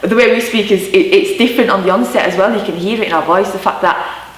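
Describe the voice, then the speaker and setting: A woman's voice: medium pitch, quick pace. A woman in her twenties with a Yorkshire accent, chatting candidly about growing up, with lots of "you know" and "um". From Yorkshire, England. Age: 20s. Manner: chatty, warm storytelling with many fillers. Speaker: interviewee. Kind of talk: candid personal recollection. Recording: roomy sound from a mic at a distance.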